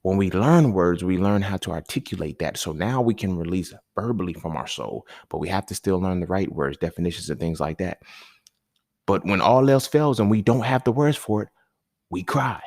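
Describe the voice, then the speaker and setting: A man hosting a podcast, talking in a loose, slangy, conversational monologue that keeps checking in with the listener, with sudden animated bursts and chuckles. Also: low-pitched, moderate pace, dry recording, studio quality. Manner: loose, conversational, slangy, often asks "you feel me". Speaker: podcast host. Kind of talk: casual monologue.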